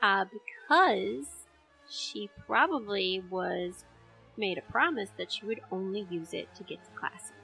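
Bright, chatty woman podcast co-host. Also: mid-range voice, measured pace, creaky, soft background music. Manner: chatty, laughs easily. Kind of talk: casual chat.

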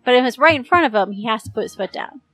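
A woman's voice: a little high, expressive, racing, fairly bright tone, dry recording, faint music behind. A woman co-hosting a podcast in casual chat, hesitant and apologetic. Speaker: podcast co-host.

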